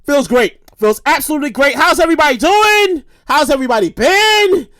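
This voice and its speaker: A podcast host in their thirties rambles through a casual monologue, swearing freely and repeating lines for effect. The voice sits high and bright and swings widely in pitch. It is close and dry, with no room sound. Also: brisk, dry recording. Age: 30s. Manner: profane, rambling, animated, repeats phrases.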